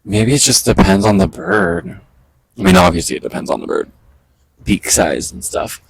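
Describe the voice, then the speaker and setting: A man chatting casually into a handheld camera outdoors in a park, excitable and quick with asides, talking to the birds around him. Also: on the low side, vocal fry, slightly rough, dry recording, low-quality recording. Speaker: vlogger. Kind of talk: casual outdoor vlog chat.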